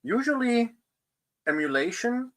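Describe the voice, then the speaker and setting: A man's voice: very high-pitched, very animated, measured pace. A man on a technical call who asks careful questions about build machines. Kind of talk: technical discussion.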